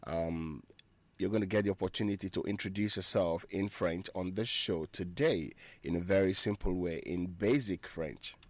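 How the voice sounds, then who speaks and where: A man's voice: low-pitched, moderate pace, no echo. A man hosting a radio French lesson, repeating phrases and spelling words out letter by letter for listeners. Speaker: radio French teacher and show host.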